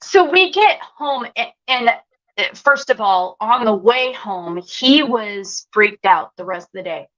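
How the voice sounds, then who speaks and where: Animated woman storyteller, higher pitch; dull lo-fi sound. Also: unhurried. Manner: animated, acts out quoted voices. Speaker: guest. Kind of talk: telling a personal story.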